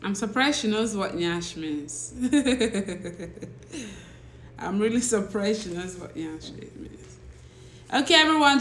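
A woman's voice: fairly high pitch, sharp tone, echoey room, slight background noise. A woman hosting a casual livestream, chatty and laughing often as she reads out viewers' names and greets them. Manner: talks slowly. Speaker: livestream host, teacher. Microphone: phone or laptop livestream.

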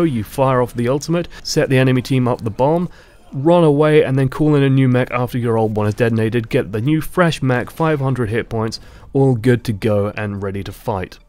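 Man calmly explaining game strategy. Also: mid-range voice. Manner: measured, explanatory. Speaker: gaming YouTuber. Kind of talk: game commentary vlog.

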